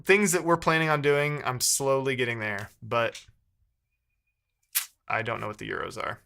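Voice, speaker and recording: A man's voice: mid-range voice, fairly even intonation, normal speed, creaky, sharp tone. A man live-streaming while he codes, chatting casually with viewers and thinking aloud, often second-guessing himself mid-sentence.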